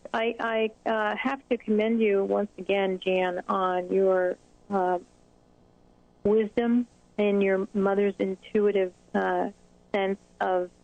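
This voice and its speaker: A woman hosts a conversational interview, encouraging her guest and pausing often on fillers. The audio sounds muffled and bone dry, with no room around the voice. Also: mid-range voice, no echo. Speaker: interview host, child anxiety specialist.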